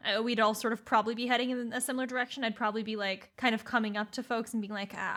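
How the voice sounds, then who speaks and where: A woman's voice: a little high, little pitch movement, a bit bright. A woman player speaking hesitantly in character in a tabletop game. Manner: hesitant, halting.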